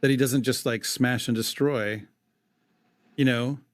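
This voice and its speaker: A man's voice: mid-range voice, fairly even intonation, measured pace, no echo. A man co-hosting a podcast, reading an old epic poem aloud in a dramatic way and breaking off for wry comments. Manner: dramatic recitation broken by wry asides. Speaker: podcast co-host.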